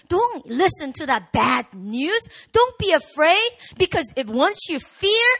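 A woman pastor preaching a sermon, animated and rising to shouts in the swells of her message. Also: sits high. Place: church hall.

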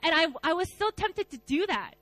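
A woman pastor preaching a conversational sermon, animated, with many fillers and laughs. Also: very high voice, moderate pace, no room sound. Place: church service.

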